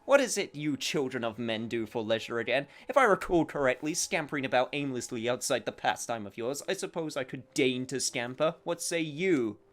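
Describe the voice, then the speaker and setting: A man's voice: medium pitch, expressive, brisk, hardly any pauses, fairly bright tone, natural voice. A man voicing a small young dragon who speaks in a grand, formal, archaic way. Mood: lofty. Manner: archaic, lofty phrasing. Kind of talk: reading game dialogue aloud.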